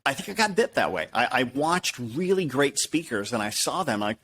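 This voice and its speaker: A man's voice: a little high, normal speed, a little hiss or hum. A man, a professional speaker, talking in an interview and acting out quotes as he tells stories. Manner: animated storyteller, acts out quotes. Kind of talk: conversational interview.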